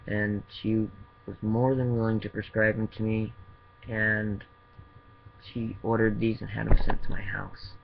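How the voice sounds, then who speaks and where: A man speaking earnestly in a personal video diary, halting and full of fillers. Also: on the low side, flat delivery, creaky, lo-fi sound, noisy background. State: tearful, voice breaking. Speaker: vlogger in opiate recovery.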